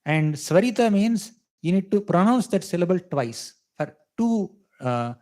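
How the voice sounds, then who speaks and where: This man's dark-toned voice sits high and swings widely in pitch, moving at a measured pace. Addressing a live audience in a temple hall, he delivers a devotional scripture lesson in a conversational way, often asking "right?" and chuckling along.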